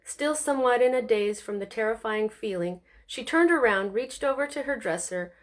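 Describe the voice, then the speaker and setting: A woman's voice: on the high side, lively intonation, moderate pace. A woman reading her own novel aloud, telling it expressively with suspense. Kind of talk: audiobook reading.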